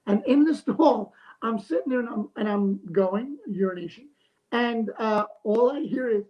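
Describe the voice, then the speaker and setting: A man co-hosting a casual livestream chat, telling stories in an animated, joking way. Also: sits high, moderate pace, muffled recording. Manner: animated storyteller, jokey. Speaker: comic artist, co-host.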